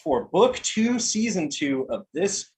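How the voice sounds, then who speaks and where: A game master wraps up a live stream in a husky, breathy voice. The pitch rises and falls a lot, and the talk comes in halting phrases with pauses. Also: big pitch swings, darkish tone, low-quality recording. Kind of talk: closing thanks on a live stream.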